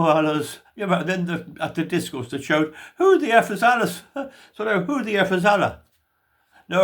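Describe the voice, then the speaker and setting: A man's voice: a little high, fairly bright tone. An older Irish man giving emphatic, opinionated political commentary in a vlog. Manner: emphatic, opinionated ranting delivery.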